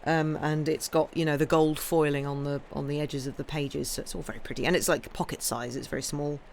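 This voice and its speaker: A woman's voice: low-pitched, steady tone, brisk, vocal fry, darkish tone, slight background noise. A woman who streams herself reading novels aloud, chatting casually and rambling, full of ums and restarts. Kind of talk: casual chat on a live stream.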